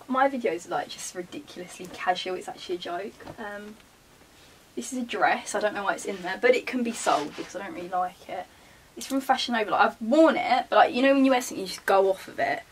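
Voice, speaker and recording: A woman's voice: medium pitch, recorded from a distance, slight background noise. A young woman, talking casually as a vlogger while sorting her wardrobe, chatting and muttering asides to herself. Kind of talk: casual chat. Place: bedroom beside her wardrobe.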